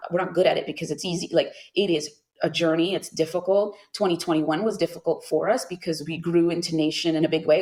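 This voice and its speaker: A middle-aged woman answering interview questions as a venture investor, animated, with lots of fillers and asides. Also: low-pitched, poor audio. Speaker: venture capital investor guest.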